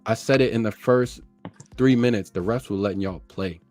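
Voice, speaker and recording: Man, podcast host, laid-back, casual chat, low-pitched, faint background music. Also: normal speed, a little mellow. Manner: laid-back, says "bro" a lot.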